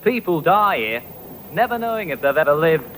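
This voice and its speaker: A man doing a rough impression of a world-weary young Liverpool musician, stretching the words out slowly. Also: a little high, very animated, fairly bright tone, a little hiss or hum, pitched above the performer's own voice. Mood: wry, gloomy. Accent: Liverpool, roughly imitated.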